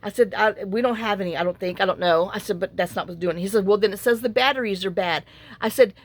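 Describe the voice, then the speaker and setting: A middle-aged woman, telling a rambling, animated story in a casual vlog, acting out the quoted lines. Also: medium pitch, fast talker. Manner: chatty, animated retelling with acted-out quotes and fillers. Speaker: journaling channel host.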